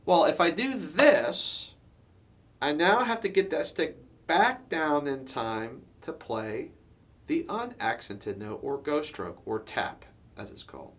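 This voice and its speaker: A man's voice: mid-range voice, measured pace. Man teaching drums, chatty and explanatory. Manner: relaxed, explanatory, many fillers and "okay?" check-ins. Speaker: drum teacher. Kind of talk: instructional lesson.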